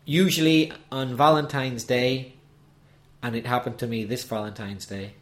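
A man's voice: mid-range voice, steady tone, normal speed. A man who teaches languages, co-hosting a casual podcast, playful and teasing in his banter.

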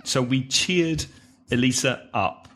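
A man speaking at an unhurried, measured pace as he teaches on a podcast. He talks carefully, breaking words into syllables and pointing out the stress, like a patient English teacher reading out listener questions. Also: mid-range voice, fairly bright tone.

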